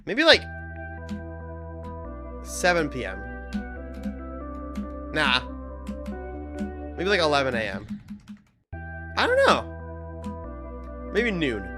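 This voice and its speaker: A man chatting casually with his viewers during a live game stream, telling stories with sudden excited bursts. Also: a little high, slow pace, pauses often, over music. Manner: excitable storyteller, talks to chat, loud bursts. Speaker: livestreamer. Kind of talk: casual live-stream chat while gaming.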